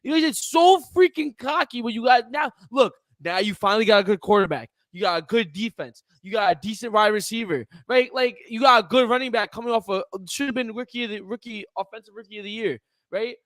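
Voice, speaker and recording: A young man co-hosting a casual sports podcast, animated and teasing, ranting in quick bursts at his co-host. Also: high-pitched, no room sound.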